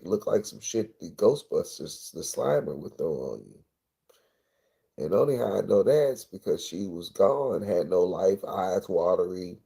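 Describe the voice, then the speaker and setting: Low gravelly man telling a story. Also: mellow. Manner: rambling, profane, intense. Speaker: livestreamer. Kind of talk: emotional storytelling monologue.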